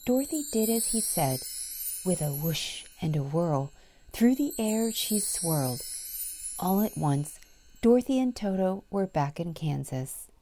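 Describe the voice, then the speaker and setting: Mellow sing-song storybook woman. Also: fairly low pitch, sing-song, unhurried, slight background noise. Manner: gentle, sing-song read-aloud delivery. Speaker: narrator and producer. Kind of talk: children's storybook narration.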